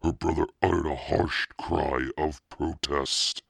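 A man voicing Satan as a demonic podcast narrator, reading a spooky children's story in a slow, menacing drawl with a husky, gravelly voice. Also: steady tone, fairly bright tone, no echo, clean studio sound, exaggerated voice. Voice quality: extremely deep, gravelly and husky. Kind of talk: scripted narration.

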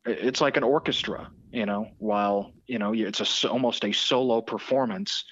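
A male sports broadcaster telling anecdotes in a podcast interview, lively and full of restarts. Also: lowish voice, moderate pace, dull audio. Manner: animated anecdotes with frequent restarts and quoted voices.

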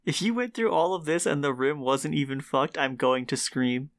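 A podcast co-host reacting in casual chat, with quick exclamations and disbelief. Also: mid-range voice.

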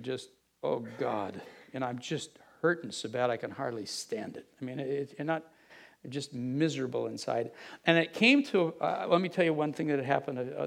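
A man's voice: mid-range voice, vocal fry. A middle-aged man, a pastor, telling a candid confessional story in a sermon.

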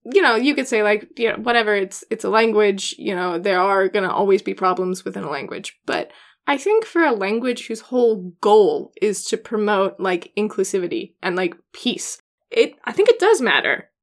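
A young woman co-hosting a casual podcast chat, talking with wry, deadpan asides. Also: mid-range voice, normal speed. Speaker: podcast co-host.

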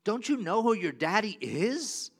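A man's voice: sits high, big pitch swings, measured pace, voice pushed up, full character voice. A man preaching and voicing an exasperated male prophet who scolds a grumbling crowd with pleading rhetorical questions.

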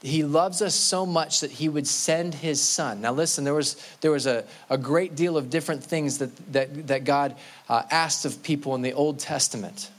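A man preaching a sermon with a voice pitched a little high. He is earnest and often stumbles, repeating and restarting words. When he quotes scripture he slows down and stresses each word. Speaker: pastor.

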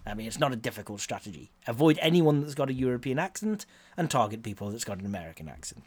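A middle-aged man, hosting a podcast in relaxed, casual chat. He rambles, trails off into fillers and starts sentences over. His voice sits at an ordinary, mid pitch for a man. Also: quick pace. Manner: rambling, many fillers and restarts. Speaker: podcast host.

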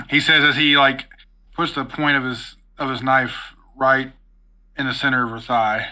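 A man's voice: medium pitch, steady tone, a little slow, pushed and bright, rough recording. A man playing a tabletop game, voicing his character's questions and narrating his actions. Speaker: player. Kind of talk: tabletop role-play.

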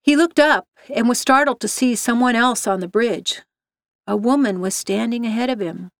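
A woman narrating a story in a steady, measured reading voice. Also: on the high side, no room sound, studio quality.

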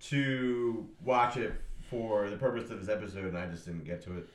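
A man co-hosting a podcast, chatting casually in measured responses. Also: lowish voice, fairly even intonation, echoey room. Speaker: podcast co-host. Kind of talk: casual chat.

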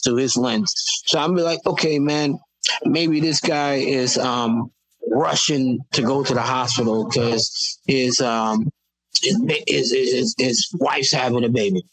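Animated storytelling man. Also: mid-range voice, measured pace, dry recording, rough recording. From Florida. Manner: animated storytelling, acting out quoted voices. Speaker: guest, Christian hip hop artist. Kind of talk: casual podcast conversation.

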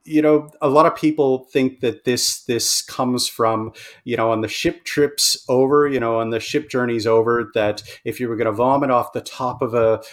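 A man's voice: medium pitch, steady tone, normal speed. Enthusiastic man explaining at length. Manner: enthusiastic, explanatory, many fillers. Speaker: language scholar guest. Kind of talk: conversational interview.

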